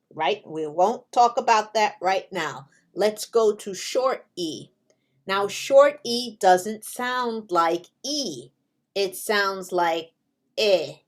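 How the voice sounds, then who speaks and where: Very slow, patient woman teaching English. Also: mid-range voice. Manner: drawn-out, carefully spaced delivery with examples.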